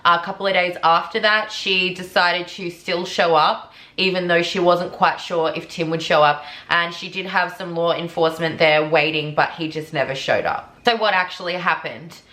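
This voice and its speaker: A woman with a lowish, bright and forceful voice tells a true crime story in a chatty, conversational way. Her voice rings out in an echoey room. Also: fairly even intonation, moderate pace, few pauses. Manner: chatty, conversational retelling with fillers.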